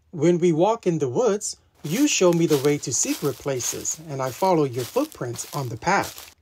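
A man reading a children's picture book aloud to his son, in a gentle, unhurried storytelling manner. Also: on the high side, big pitch swings, slightly rough, dry recording.

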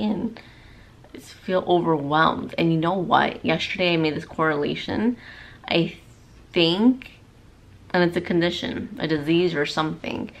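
A woman's voice: on the low side, gravelly. A woman vlogging from her car about her day as a mom, talking in an emotional, rambling way and tossing in Spanish words. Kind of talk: emotional personal vlog. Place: in a parked car.

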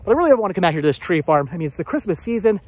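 Man, slightly high voice, casual rambling vlog, outdoors on a farm, chats to viewers. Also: sing-song, rapid-fire, a little mellow, husky. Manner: chatty, rambling, talks to viewers. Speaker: vlogger. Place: outdoors on a hilly tree farm.

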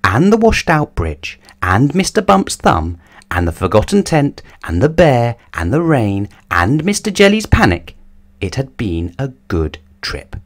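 A man's voice: medium pitch, huge pitch swings, measured pace. A man reading a children's picture book aloud as a bedtime story, telling it expressively.

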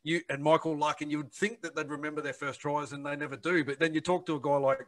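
A man's voice: fairly high pitch, fairly even intonation, fast, a bit bright, dry recording. A podcast co-host asking a guest about his career, with many hesitant fillers. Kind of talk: interview questions.

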